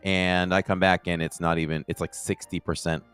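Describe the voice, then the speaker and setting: A man with a low voice co-hosts a casual podcast, chatting in a rambling, animated way. Soft music plays faintly underneath. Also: normal speed, clean tone. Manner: animated, rambling, rises in pitch when excited. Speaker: podcast co-host.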